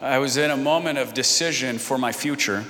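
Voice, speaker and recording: A man's voice: medium pitch, a little fast, sharp tone. A man leads a congregation in prayer, his earnest phrasing circling back on itself and dotted with fillers. His voice sits in a middle range for a man. Long reverb from the church sanctuary trails each line. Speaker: pastor and interpreter. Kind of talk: congregational prayer and live interpreting.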